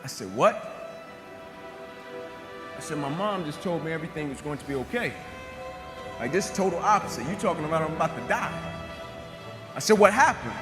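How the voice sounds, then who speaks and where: A man's voice: a little high, animated, a little fast, long pauses, in a large hall. A man giving a motivational speech, telling his own story in an emphatic, repetitive way and acting out the dialogue. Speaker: motivational speaker. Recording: music bed under the voice.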